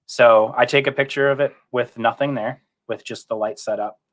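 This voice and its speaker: A man's voice: mid-range voice, steady tone, moderate pace, a bit bright. A man, a guest photographer, explaining his work in an easygoing, step-by-step way. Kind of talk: casual chat.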